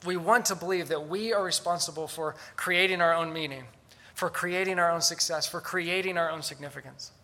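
A man's voice: fairly high pitch, fairly quick, bright, forceful tone. A man preaching a sermon, dramatic and sarcastic at times, acting out the voices he quotes. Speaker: pastor.

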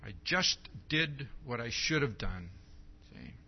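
A man preaching a sermon, reading scripture aloud and asking "see?" again and again in a slow, emphatic way. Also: mid-range voice, expressive, slight background noise. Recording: dull lo-fi recording.

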